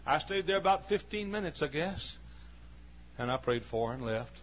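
A man's voice: a little high, lively intonation, moderate pace. A man in his forties, a pastor telling a folksy story in a sermon, chatty and full of "uh" fillers. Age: 40s. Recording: dull lo-fi recording with faint hum.

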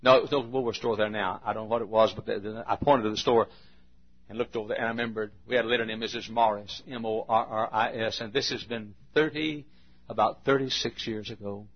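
An older man, a pastor preaching a sermon in a folksy storytelling manner, dropping to a hush and then bursting out loud. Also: on the low side, fairly even intonation, fast, breathy edge. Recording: dull, lo-fi archival sermon recording.

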